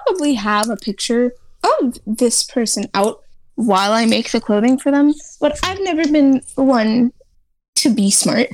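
A woman's voice: a little high, animated, unhurried, a little mellow. A woman co-hosting a podcast, chatting casually with self-deprecating jokes. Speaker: podcast co-host. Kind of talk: casual chat.

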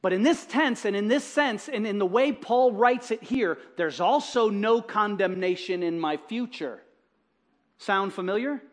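High-voiced energetic male preacher. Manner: energetic, emphatic, swings between loud bursts and soft asides. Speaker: pastor. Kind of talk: sermon.

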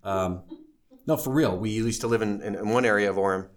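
Wry middle-aged man, low voice. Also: a little fast. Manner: wry, self-deprecating, animated when quoting others. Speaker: speaker sharing his life story. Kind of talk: candid storytelling to a live audience.

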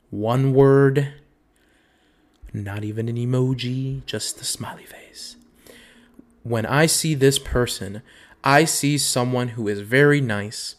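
A young man hosting a podcast, reading dating bios aloud and riffing on them with profanity and frequent laughter. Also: mid-range voice. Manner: profane, animated, laughs a lot. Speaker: podcast host. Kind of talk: casual comedic commentary.

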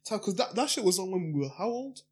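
A man's voice: high voice, very animated, fast, breathy edge. A young man making blunt, offhand remarks in casual chat with friends.

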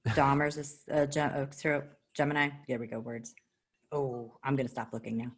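Low-voiced, giggly chatty woman. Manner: chatty, giggly, swearing, quick bursts of excitement. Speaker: podcast co-host. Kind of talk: casual chat.

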